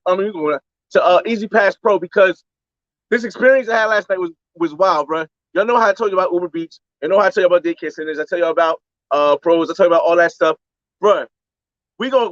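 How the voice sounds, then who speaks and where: A young man live-streaming a casual travel vlog from a beach, talking loosely in slang and shouting out viewers on a handheld phone. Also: high voice, no room sound. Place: outdoors on a beach by a boat landing. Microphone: phone camera held by hand. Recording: slightly dull lo-fi phone audio.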